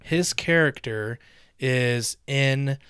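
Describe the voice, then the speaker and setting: Bright-voiced joking young man. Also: medium pitch, drawn-out words, smooth, dry recording, clean studio sound. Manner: joking, animated storytelling. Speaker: podcast host. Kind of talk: casual chat.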